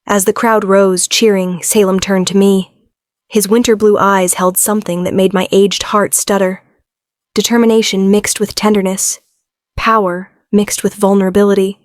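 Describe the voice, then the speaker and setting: A woman reads a romance audiobook in the first person, keeping a steady, level delivery with little melodic movement. Her voice sits in an ordinary middle register. The recording is close and dry. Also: mid-range voice, moderate pace, no room sound. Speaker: audiobook narrator.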